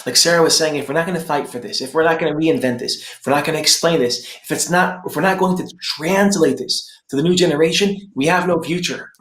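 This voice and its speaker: Israeli man, higher-pitched, animated panelist, roomy echo. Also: fast talker, hardly any pauses. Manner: emphatic, lively, repeats points for effect. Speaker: conference speaker. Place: room in Jerusalem.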